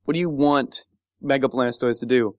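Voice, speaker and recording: A man co-hosting a casual podcast chat, deadpan and teasing. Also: mid-range voice, normal speed, no echo, studio quality. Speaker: podcast co-host.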